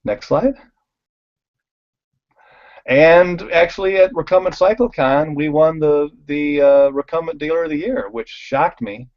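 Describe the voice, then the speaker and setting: A man's voice: on the high side, measured pace, highs cut off. A man who owns a bike shop, telling stories over slides and acting out the voices of the people in them. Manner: animated storyteller, acts out quoted voices, laughs often. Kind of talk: casual storytelling over slides.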